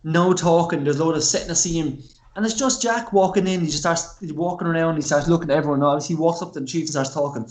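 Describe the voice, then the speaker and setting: A man's voice: on the high side, fast talker. A man co-hosting a podcast, talking enthusiastically about a film in rambling, filler-heavy chat with casual swearing. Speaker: podcast co-host. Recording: roomy echo.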